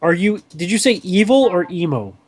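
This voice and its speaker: A goofy young man with a fairly high voice, rambling and cracking silly jokes as he hosts a casual gaming chat. He talks into a computer mic. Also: lively intonation, normal speed, crowd noise. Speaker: channel host.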